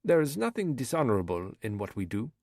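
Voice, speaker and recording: A man reading an audiobook, voicing a smooth Somali pirate commander with an African accent, calm and proud. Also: mid-range voice, brisk, no room sound, studio quality.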